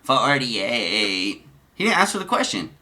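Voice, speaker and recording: A man's voice: medium pitch, expressive, moderate pace, sharp tone. A man giving casual commentary, rambling and profane, often cutting himself off. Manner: profane, rambling, self-interrupting.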